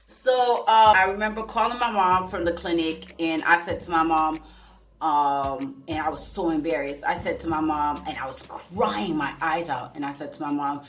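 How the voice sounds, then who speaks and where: A woman vlogger telling her own life story in a casual, animated way, repeating phrases for emphasis. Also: deep voice, moderate pace. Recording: echoey room, faint music behind.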